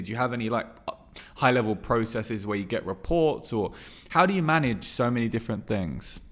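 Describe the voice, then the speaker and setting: A man hosting a podcast, asking casual, rambling interview questions. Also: mid-range voice. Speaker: podcast host.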